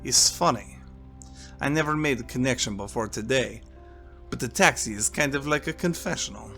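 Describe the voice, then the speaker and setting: A man voicing a calm priest with a French accent, speaking warmly and slowly in a soft, deep voice. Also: faint music behind. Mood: musing. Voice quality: warm and deep, soft-spoken. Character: priest, calm middle-aged man, gentle talker.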